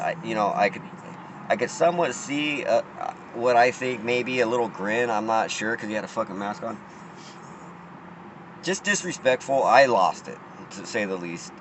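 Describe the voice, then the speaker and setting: A man's voice: medium pitch, expressive, unhurried, a bit bright, slight background noise, low-quality recording. A man telling a rambling, profane story in casual talk, often restarting his sentences.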